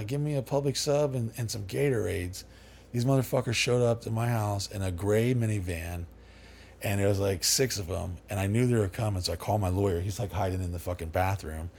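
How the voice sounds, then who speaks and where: A middle-aged man with a gravelly, husky voice tells his stories as a podcast guest. He swears freely and slips into the voices of the people he quotes. His delivery stays loose and animated throughout. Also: medium pitch. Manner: profane, animated, acts out quoted dialogue. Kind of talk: casual storytelling interview.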